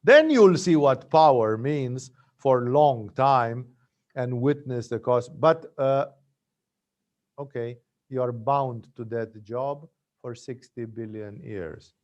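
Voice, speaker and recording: A man's voice: mid-range voice, slow pace, a little mellow. A man teaching yoga, telling stories in a conversational spiritual talk with frequent tag questions.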